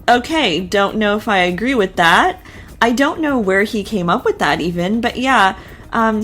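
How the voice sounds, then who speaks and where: Chatty woman recapping a TV show. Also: medium pitch. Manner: chatty, opinionated, lots of fillers. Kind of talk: casual TV recap and reaction.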